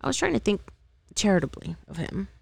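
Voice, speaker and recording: A woman's voice: mid-range voice, sing-song, a little fast, creaky, husky, dry recording. A woman reading a novel aloud as an amateur, unpolished, with occasional slips and re-reads. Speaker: amateur reader.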